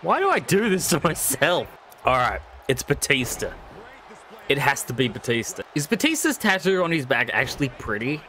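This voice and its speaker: There's a slight hiss or hum as a young man, medium-pitched and speaking at an ordinary pace, commentates a wrestling video game on stream. He's loose and excitable, cracking jokes, swearing heavily and laughing often.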